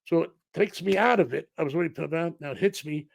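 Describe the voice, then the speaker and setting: A middle-aged man, a podcast guest, telling a story in an animated way and acting out the dialogue. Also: fairly high pitch, fast, vocal fry, dry recording.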